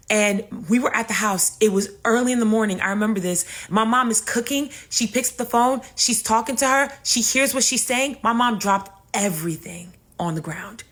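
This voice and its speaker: A young woman telling a comedic story in a casual, animated and profane way, speaking straight to her audience. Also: fairly high pitch.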